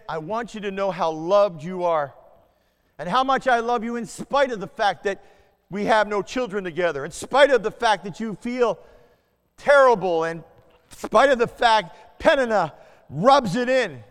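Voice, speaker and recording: A man preaching a sermon to a congregation, swinging between loud declarations and hushed asides and asking his listeners questions. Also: sits high, lively intonation, moderate pace, clean tone, big-room sound. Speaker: pastor.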